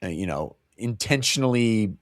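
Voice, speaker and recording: A man's voice: lowish voice, animated, normal speed, no room sound, studio quality. A man co-hosting a book club podcast, retelling the plot in a rambling, jokey way and laughing often. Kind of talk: casual chat.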